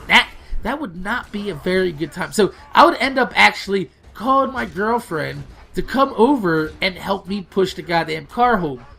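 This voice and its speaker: Casting note: young male let's-play host with a gravelly, bright voice who swears freely and tells stories with animation. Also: high voice. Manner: profane, animated storytelling, yelling in retold quotes. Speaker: gaming channel host. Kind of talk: casual storytelling over gameplay.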